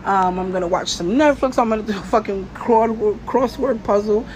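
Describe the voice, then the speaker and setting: A woman's voice: mid-range voice, normal speed, a little mellow, a little hiss or hum. A woman hosting her own podcast, venting in a casual, blunt and profane way, with lots of "you know" fillers. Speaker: podcast host.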